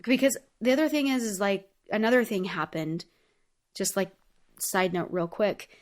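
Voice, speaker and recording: A woman with a mid-pitched voice reflects on her own life in a solo podcast monologue. She talks in an earnest, heartfelt, chatty way, dropping in frequent casual fillers. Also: expressive, moderate pace. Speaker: podcast host.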